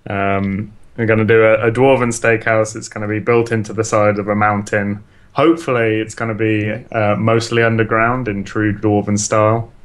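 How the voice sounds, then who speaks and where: A man's voice: on the low side, flat delivery, moderate pace. A man chatting casually, thinking aloud and chuckling often. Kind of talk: casual chat.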